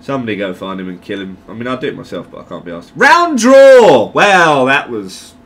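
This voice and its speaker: A man giving casual gameplay commentary, excitable and jokey, swearing often. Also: sits low, fast talker, a little hiss or hum. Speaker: gamer.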